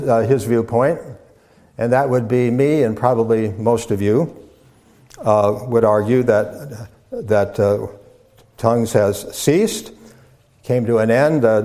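A man in the pulpit giving a teaching sermon. He speaks at a measured pace, circling back and repeating words as he lays out each point, with the occasional filler between phrases. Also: medium pitch, mellow. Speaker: pastor. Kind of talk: sermon lecture.

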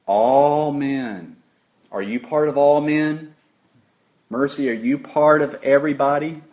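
A man preaching an interactive sermon, putting questions to the congregation in an emphatic, deliberate way. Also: on the high side, steady tone.

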